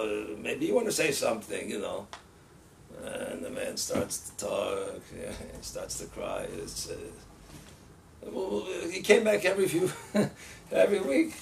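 A male rabbi tells stories in a lively, animated voice. His tone is gravelly, and he often laughs and acts out the voices of the people he quotes. He sounds set back from the microphone, faint room noise behind him. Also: mid-range voice. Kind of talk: casual storytelling. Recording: distant mic with faint ambient noise.

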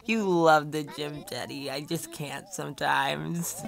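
A woman's voice: sits low, steady tone, vocal fry, soft background music. Chatty, dramatic young woman gamer. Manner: chatty, dramatic, playful, quick asides. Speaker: gaming channel host. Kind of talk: casual gameplay commentary.

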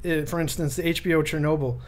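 A man's voice: fairly high pitch, steady tone. A man on a casual movie podcast, talkative and explaining his views. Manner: quick, talkative, explaining opinions. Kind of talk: casual movie commentary chat.

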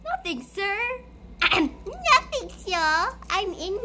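A woman playing a school role-play game, talking excitedly through it and bursting into shrieks and giggles. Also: high-pitched, takes it slowly, background noise. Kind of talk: playful gameplay commentary.

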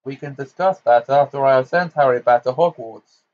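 A man doing a grave old wizard, commanding and steady, from a muffled home mic. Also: mid-range voice, natural voice. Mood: thunderous. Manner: measured, then thunderous. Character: commanding elderly male wizard, calm authority.

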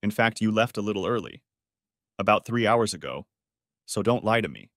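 A man reading an audiobook, voicing an older mother who scolds sharply and loudly. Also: on the low side, lively intonation, normal speed, no room sound, clean studio sound. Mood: angry. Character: older mother, fierce and protective.

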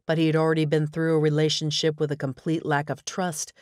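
A woman narrating a romance audiobook with measured, even pacing. Her voice sits low, and the recording is dry and close. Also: no room sound. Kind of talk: scripted narration.

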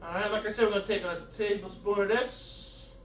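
High-voiced joking man in an echoey kitchen. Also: steady tone, fairly quick, recorded from a distance. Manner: joking, rambling, crude banter with viewers. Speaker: home cooking video host. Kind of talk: casual cooking vlog. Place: home kitchen. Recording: echoey room, from the camera, faint music. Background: music playing in the home.

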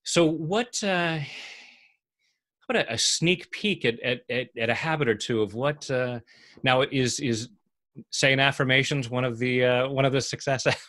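A man's voice: medium pitch, moderate pace, a bit bright. A man hosting a casual interview, friendly and hesitant, with frequent fillers and restarts. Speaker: host.

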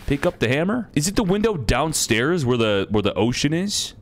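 A young man commentating casually as he plays a game, excitable, swearing freely and laughing often, reading game text aloud. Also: fairly high pitch, normal speed. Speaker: gaming streamer.

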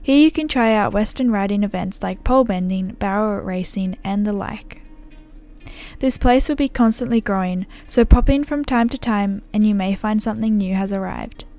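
A woman's voice: mid-range voice, moderate pace, dark tone, faint music behind, lightly acted. A woman reading aloud the lines of a friendly male Western ranch hand from a game, in a folksy, welcoming manner.

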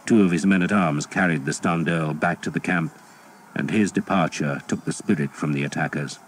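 Deep low guy reading an audiobook, steady and measured, bit of hiss. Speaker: audiobook narrator. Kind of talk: scripted audiobook narration.

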